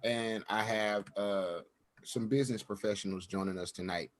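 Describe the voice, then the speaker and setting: A man's voice: on the low side, steady tone, normal speed. A man hosting a casual online talk show over a video call, loose, joking and slangy. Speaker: host. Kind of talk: casual chat.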